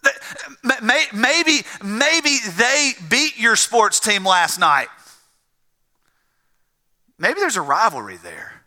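A man's voice: sits high, big pitch swings, slow, pauses often, pushed and bright. A man with a South Georgia accent preaching a sermon as pastor, earnest, repeating phrases and building emphasis. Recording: long reverb of a large hall.

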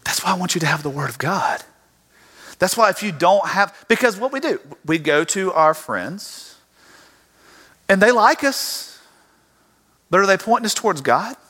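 Animated preacher in a hall. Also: male voice, high-pitched, moderate pace, pauses often. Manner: animated storytelling, acts out voices. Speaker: pastor. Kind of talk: sermon. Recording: reverberant hall.

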